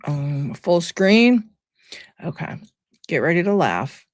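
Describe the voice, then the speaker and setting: Lowish-voiced woman ranting casually at her viewers, sarcastic, dead dry mic. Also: sing-song, slow, dry recording. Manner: sarcastic, exasperated, chatty. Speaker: commentary vlogger. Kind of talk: casual reaction commentary.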